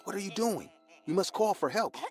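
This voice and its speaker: A man voicing a frightened ten-year-old boy in a told horror story, pleading in a high, shrill, panicked tone. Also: animated, a little fast, faint music behind.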